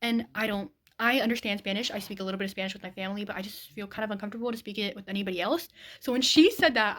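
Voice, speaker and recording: A woman's voice: medium pitch, fast, hardly any pauses. Chatty young woman vlogging about books. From United States. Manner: chatty, animated, self-deprecating. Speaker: book vlogger. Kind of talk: casual vlog chat.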